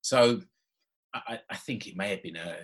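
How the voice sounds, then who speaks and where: A man's voice: fairly low pitch, moderate pace, fairly bright tone, breathy edge. A man in his forties, a podcast co-host telling a personal story in casual chat, laughing often and restarting his sentences. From Britain. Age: 40s.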